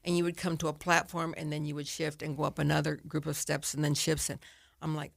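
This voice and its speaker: A woman's voice: sits low, level tone, fast talker, vocal fry, no echo, studio quality. An older woman, a guest author, telling a personal story in an interview and acting out her own past thoughts.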